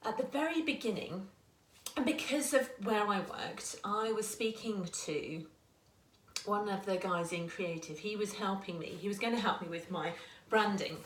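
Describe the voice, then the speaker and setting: A woman's voice: medium pitch, moderate pace, fairly bright tone. A woman in her forties, a small business owner, giving earnest, chatty advice to camera and often restarting her sentences. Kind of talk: casual talking-to-camera advice. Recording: echoey room.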